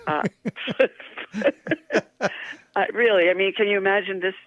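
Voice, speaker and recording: An older woman, a guest actress, telling lively anecdotes in an interview, laughing often and poking fun at herself. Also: medium pitch, racing, dry recording. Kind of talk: interview storytelling. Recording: tinny phone line.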